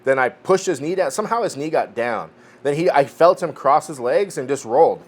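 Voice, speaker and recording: A man's voice: a little high, lively intonation, fairly quick. A man in his forties, a podcast co-host telling a training story in a casual chat, swearing freely and restarting his sentences. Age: 40s.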